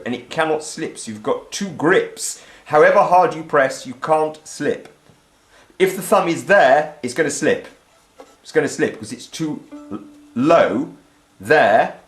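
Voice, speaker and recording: A man's voice: medium pitch, reverberant. Blunt, opinionated male violin teacher. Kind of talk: demonstrative violin lesson with playing. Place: indoor room with a door. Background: violin playing between phrases.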